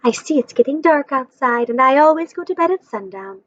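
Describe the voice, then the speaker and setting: A gentle small songbird in a storybook, soft and musical, with slow, courteous speech, voiced by a woman. She sits high in pitch, on a dry, slightly dull recording. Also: dry recording. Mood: gracious. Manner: slow and polite.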